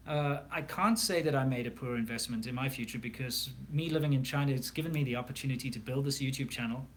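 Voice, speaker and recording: A South African man chatting on a livestream, answering viewer questions in a loose, rambling way full of "um" and "you know." His voice sits at a middle pitch. A faint hum of ambience sits under the recording. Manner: rambling, candid, many fillers and restarts. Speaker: livestream host. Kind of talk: casual livestream Q&A.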